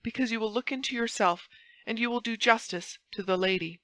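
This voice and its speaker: A woman's voice: on the high side, fairly quick, fairly bright tone, no echo, voice pushed up, natural voice. A woman voicing a fervent young male officer who pleads insistently and grows impassioned. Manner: impassioned, insistent, rising intensity.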